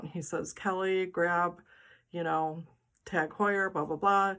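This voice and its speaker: A middle-aged woman, the host, telling a personal story in a casual, animated and dramatic way. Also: lowish voice, moderate pace.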